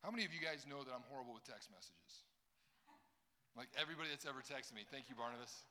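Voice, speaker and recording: A man's voice: mid-range voice, lively intonation, fast, background noise. A young adult man preaching a sermon, teaching from scripture and joking directly with a young crowd. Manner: jokey, talks straight to a young crowd. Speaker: pastor.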